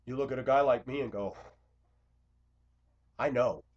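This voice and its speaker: A man's voice: mid-range voice, fast talker. Blunt, confrontational man on a dull recording. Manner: blunt, confrontational, swings between loud outbursts and quiet asides. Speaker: Christian video blogger. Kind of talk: impassioned confessional monologue.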